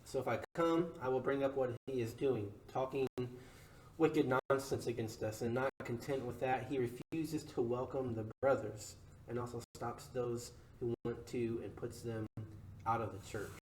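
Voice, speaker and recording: Man reading scripture in a church study group, steady and plain, mid-pitched, far from the mic in an echoey room. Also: normal speed. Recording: echoey room, distant mic, faint noise.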